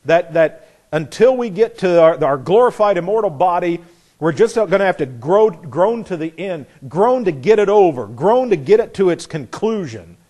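Male preacher, earnest and emphatic sermon delivery, voice a touch high, given to restarts and rhetorical questions. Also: expressive, moderate pace, mellow, husky.

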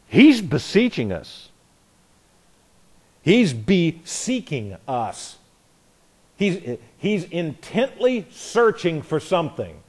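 Teaching a Bible class, a man with a slightly high, somewhat mellow voice speaks earnestly and emphatically. Repeated phrases pile up, and he frequently restarts and self-corrects mid-sentence.

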